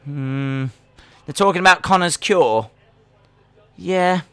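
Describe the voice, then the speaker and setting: Bright-voiced man riffing casually. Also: a little high, slow pace, clean tone, no echo, faint music behind. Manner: casual, musing, rambling with fillers and restarts. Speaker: watch-along host. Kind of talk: live reaction commentary.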